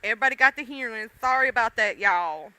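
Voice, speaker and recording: Blunt woman livestreamer, bright crisp voice. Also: a little high, expressive, fast, no room sound. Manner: blunt, profane, talks straight to chat. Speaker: livestream host. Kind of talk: casual chat with live viewers.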